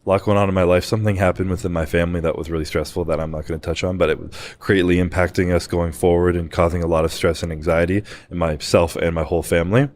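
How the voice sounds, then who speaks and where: A young man with a low voice talks quickly through a personal story on a podcast. He is candid and emotional, and he swears and uses fillers freely. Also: a little mellow, a little hiss or hum. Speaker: guest.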